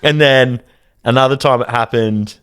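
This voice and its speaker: A man's voice: medium pitch, normal speed, fairly bright tone, clear, resonant tone, no echo, studio quality. A man, co-hosting a podcast with frequent laughs and sweary banter. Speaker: podcast co-host. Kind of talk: casual chat.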